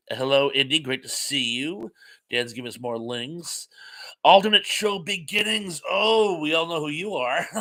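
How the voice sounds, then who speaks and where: An older man hosts a casual live chat, reading out viewer comments and rambling between them. His voice sits at an ordinary middle pitch but has a bright, forward edge. He talks loosely, with fillers and quick asides. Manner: chatty, rambling, reads comments aloud with fillers. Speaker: host.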